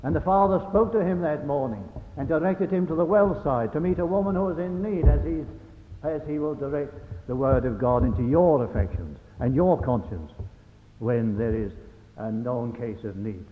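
A man's voice: medium pitch, normal speed. A man preaching a gospel sermon, earnest and fervent, putting rhetorical questions to his hearers. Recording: echoey hall on a lo-fi phone-like recording with faint hiss.

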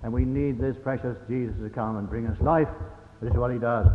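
A man's voice: mid-range voice, fairly even intonation, brisk. A man preaching a gospel sermon, earnest and fervent, putting rhetorical questions to his hearers. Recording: echoey hall on a lo-fi phone-like recording with faint hiss.

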